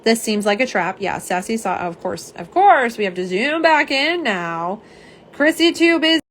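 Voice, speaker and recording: Slightly hoarse, chatty woman livestreaming. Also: a little high, lively intonation, moderate pace, a bit bright, slight background noise. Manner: chatty, self-deprecating, reads viewer comments aloud. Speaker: live stream host showing nail polish swatches. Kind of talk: casual live-stream chat.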